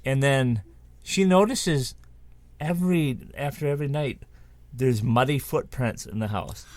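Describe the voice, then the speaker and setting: A man's voice: medium pitch, a little slow, darkish tone. A man co-hosting a show, telling a spooky story in a casual, rambling way with many restarts and asides. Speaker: co-host.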